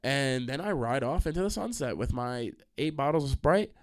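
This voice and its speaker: A young man hosting a solo podcast, telling stories in a profane, animated, easily sidetracked way. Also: mid-range voice, moderate pace. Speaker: podcast host. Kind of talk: solo rambling storytime podcast.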